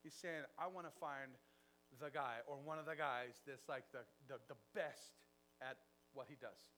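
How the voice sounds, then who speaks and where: A man preaching a sermon, telling a story with acted-out dialogue and big swings in loudness. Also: medium pitch, unhurried, slight background noise.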